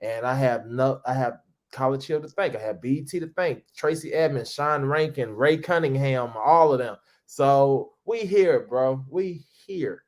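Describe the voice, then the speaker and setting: A man in his thirties, once a reality TV cast member, appears as an interview guest and spins stories casually and with animation. At a medium pitch and normal speed, he imitates other people's voices and frequently restarts his sentences.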